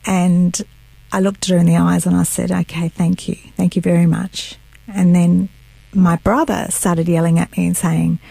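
A woman's voice: on the low side, little pitch movement, normal speed, creaky, dark tone, dry recording, rough recording. A middle-aged woman giving her personal testimony as an interview guest, telling her story earnestly and acting out what others said. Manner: earnest storytelling, acts out quotes.

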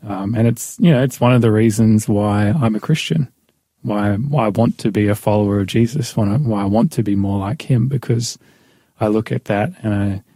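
A man's voice: on the low side, moderate pace, dark tone, breathy edge, dry recording. A man reflecting on his faith in a casual chat, stopping to search for the right words.

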